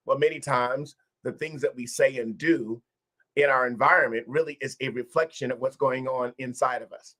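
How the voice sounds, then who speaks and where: A man's voice: mid-range voice, normal speed, sharp tone. A man hosting a livestreamed wellness session, encouraging viewers and repeating key phrases. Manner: encouraging, repetitive phrasing, addresses viewers directly.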